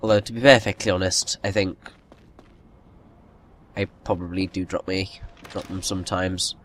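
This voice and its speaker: A man's voice: low-pitched, steady tone, moderate pace, fairly bright tone, a little hiss or hum. Chatty man narrating gameplay. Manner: chatty, rambling, with frequent restarts and self-mocking asides. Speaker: gaming video host. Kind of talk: casual gameplay commentary. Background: game music.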